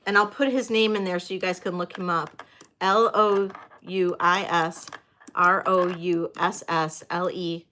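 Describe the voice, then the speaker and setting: A woman hosting a livestreamed vintage jewelry auction, chatting to viewers and gushing excitedly over the pieces. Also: on the low side, measured pace, slight background noise. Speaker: host of a live jewelry sale. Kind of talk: live auction chat.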